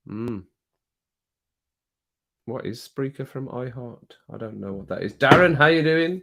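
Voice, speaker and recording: A man's voice: medium pitch, lively intonation, slow pace, pauses often, a bit bright. A man chatting casually on a live stream, reading viewer comments aloud and laughing often. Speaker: music reaction streamer.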